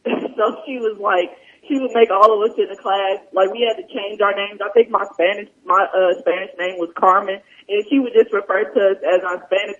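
A woman's voice: mid-range voice, fairly even intonation, fairly quick, few pauses, fairly bright tone. A woman hosting a podcast, telling stories casually with plenty of fillers and swearing. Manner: loose, profane storytelling with frequent fillers. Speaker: podcast host. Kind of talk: casual chat. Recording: dull lo-fi sound.

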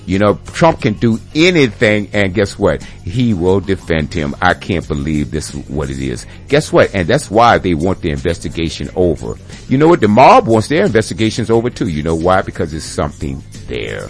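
A man's voice: low-pitched, sing-song, moderate pace, few pauses, faint music behind. A man hosting a radio show, delivering an emphatic rant full of rhetorical questions to his listeners. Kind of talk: ranting radio commentary.

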